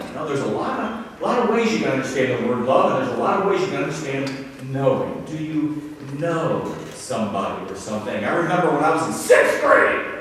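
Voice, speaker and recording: An Ohio pastor with a fairly high voice preaches a sermon in a church sanctuary, chatty and self-deprecating, telling stories with quoted voices. The mic sits at a distance in a reverberant hall, with a little hiss or hum.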